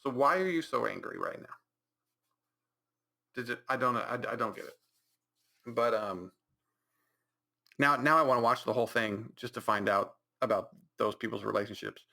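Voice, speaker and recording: A man's voice: mid-range voice, moderate pace, creaky, long pauses, bright, forceful tone. A man hosting a podcast, rambling through a mocking recap of a movie with many restarts and put-on reactions. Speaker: podcast host.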